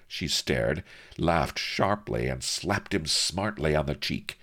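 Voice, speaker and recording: A man narrating a story aloud in a wry, lively storytelling manner. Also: very deep voice, slow pace. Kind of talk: dramatic audiobook reading.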